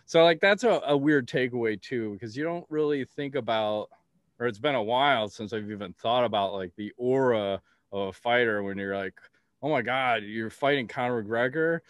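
A man's voice: mid-range voice, moderate pace, no room sound, studio quality. A man hosting a podcast in casual chat, blunt and rambling, swearing freely. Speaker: podcast host.

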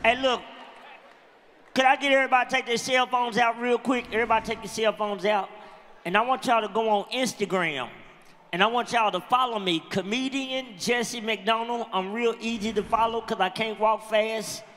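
A male stand-up comedian with a strikingly high, ringing voice works the room, spinning stories loudly and punchily. His handheld mic carries a long reverb tail from the venue, with a faint hum of noise underneath. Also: fairly even intonation, normal speed. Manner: loud, punchy storytelling with crowd call-outs.

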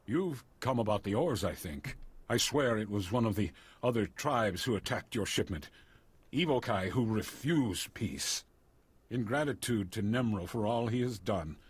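An actor voicing a solemn alien tribal chief in a video game, speaking in a halting, formal way with a husky voice. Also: male voice, on the low side.

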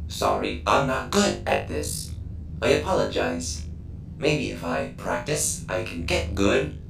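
A man's voice: very deep voice, very animated, slow, gravelly, over music, full character voice, poor audio. An actor playing a meek, apologetic male spaceship robot in a comedy sketch.

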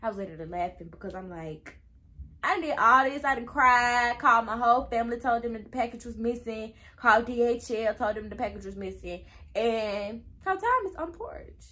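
A woman's voice: a little high, lively intonation, fairly quick, pushed and bright. A young woman telling a casual storytime to her viewers, chatty and easily sidetracked, acting out quoted dialogue. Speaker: vlogger.

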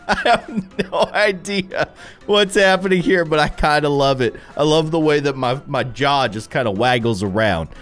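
A man giving let's-play commentary as he plays a game, laughing and breaking into sudden startled shouts. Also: on the high side, normal speed, faint music behind. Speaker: gaming YouTuber.

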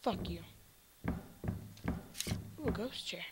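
A woman's voice: lowish voice, expressive, slow, very noisy. A young woman playing a horror game, muttering to herself, then screaming and swearing when startled.

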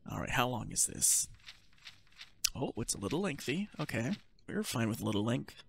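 A man's voice: mid-range voice, very animated, moderate pace, gravelly, pauses often, breathy edge. A man hosting a gaming channel, chatting casually and reading a text aloud, tripping over words and adding wry asides. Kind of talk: casual let's-play outro and reading aloud.

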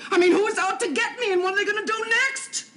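An actress playing a distraught, melodramatic woman researcher in a 1970s TV soap, with a high, quavering voice. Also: fast talker. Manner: melodramatic, tearful outbursts.

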